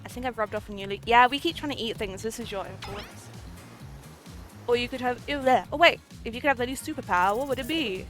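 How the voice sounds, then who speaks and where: A woman streams herself playing a dating game, reading the characters' lines aloud in a slightly high voice. She reacts with giggles and tries out goofy as she goes. Soft game music plays faintly behind her. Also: a little fast. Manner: giggly, excitable, trying out silly accents.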